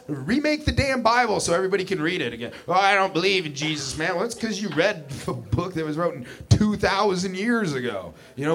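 Wry, conversational male comic; slightly high, lively delivery. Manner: wry, conversational, with sarcastic asides. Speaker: stand-up comedian. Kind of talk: stand-up comedy set.

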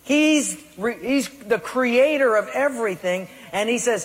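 High-voiced husky man preaching in a hall. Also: expressive, unhurried. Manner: emphatic preaching, acting out excuses. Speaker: pastor. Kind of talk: sermon. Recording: voice in a large reverberant hall.

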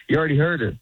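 A man in his forties, a comedian, rambles through casual talk, full of fillers and quick mimicry of other people's voices. His voice comes through a thin, phone-like line with a dry, close sound and no room around it. His pitch sits in an ordinary middle range. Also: breathy edge, dry recording. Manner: rambling, many fillers, acts out quoted voices. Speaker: comedian guest. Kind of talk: casual chat.

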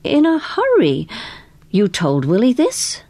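A woman voicing a polite, inquisitive woman detective who asks gentle, probing questions. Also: fairly low pitch, big pitch swings, moderate pace. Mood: inquiring.

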